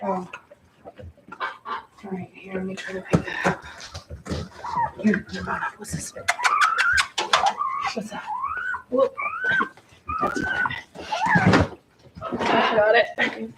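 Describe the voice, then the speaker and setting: A woman's voice: mid-range voice, huge pitch swings, drawn-out words, long pauses. Woman breeder, casual and soothing, far from the mic, echoey and noisy room. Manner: soothing, coos to a dog in labor. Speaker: dog breeder filming a whelping. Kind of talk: casual vlog.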